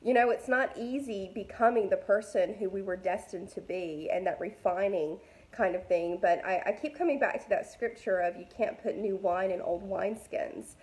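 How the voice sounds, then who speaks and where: A faith vlogger who is an adult mother talks to women in a mid-range, slightly mellow voice at a moderate pace. Her devotional message is casual, chatty, and candid, with plenty of fillers, spoken directly to her audience.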